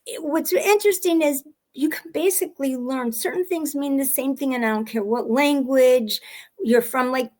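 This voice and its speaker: A woman who is a handwriting expert appears as a guest in a casual interview, telling stories with lots of energy and frequently restarting her sentences. Her voice is high and a little mellow, at a moderate pace.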